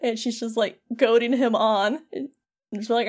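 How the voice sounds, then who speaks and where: A woman co-hosting a podcast, recapping a video game in lively casual storytelling full of "like". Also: on the high side, a little slow. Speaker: podcast co-host.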